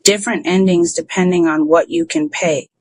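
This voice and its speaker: A sardonic young activist who makes short, cutting remarks, as a narrator reads the lines. The voice has a middle pitch and a close, dry sound with no room around it. It suits an audiobook drama. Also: animated, normal speed, vocal fry, dry recording, poor audio.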